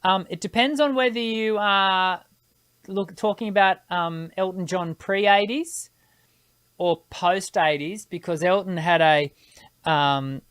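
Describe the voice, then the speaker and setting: A woman hosts a live singing Q&A and answers viewers' questions as she thinks them through out loud. Her voice sits on the lower side for a woman. She is recorded close to the mic in a dry room with no echo. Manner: thinks aloud, explanatory, with technical vocal terms. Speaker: singing teacher hosting a live Q&A.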